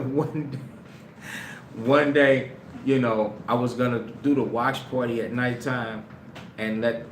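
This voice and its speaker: A man preaching a sermon through a story, often laughing and breaking into shouts. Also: mid-range voice. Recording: echoey room with loud background noise.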